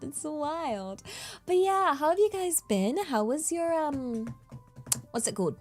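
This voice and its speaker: A woman streamer chatting casually with her viewers, bubbly and giggly, easily excited. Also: high-pitched, slow pace, pauses often, faint music behind. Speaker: VTuber streamer. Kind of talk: casual live-stream chat.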